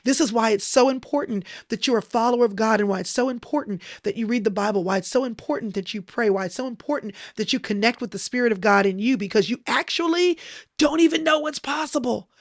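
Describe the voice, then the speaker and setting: A woman delivers a motivational sermon, hammering her points with emphatic repetition. Her voice sits fairly high, and the sound is close and dry, with no room around it. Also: fast, few pauses, dry recording. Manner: emphatic, repetitive preaching cadence. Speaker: Christian speaker.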